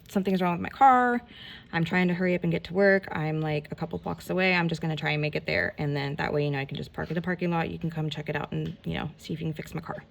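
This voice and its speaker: A woman telling a rambling, animated story in a casual storytime vlog while she does her nails, full of "like" and mild swearing. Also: fairly low pitch, slight background noise. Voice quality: gravelly, creaky voice. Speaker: nail vlogger.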